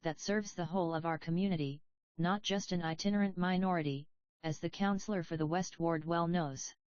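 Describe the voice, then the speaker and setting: A woman's voice: lowish voice, steady tone, fairly quick, darkish tone, dry recording, natural voice. A woman reading the part of a disdainful male town councillor with a lecturing manner. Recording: slightly dull, dry recording.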